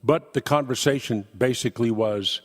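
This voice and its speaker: A man's voice: mid-range voice, normal speed, breathy edge, in a large hall. An older man, a talk radio host, giving an emphatic, sarcastic political monologue and acting out quoted conversations.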